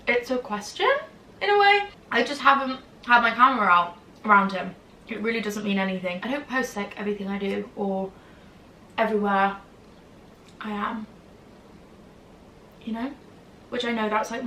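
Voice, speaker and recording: A woman's voice: a little high, bright, forceful tone, echoey room, distant mic, low-quality recording. A woman in her early twenties chatting casually in a vlog, rambling with lots of asides and fillers. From England. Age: early 20s. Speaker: vlogger.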